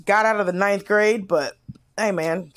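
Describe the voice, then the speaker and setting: A woman co-hosting a podcast in casual chat, telling stories in an animated, blunt and expressive way. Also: medium pitch, unhurried. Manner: animated storyteller, blunt and expressive, swings between loud and soft. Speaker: podcast co-host.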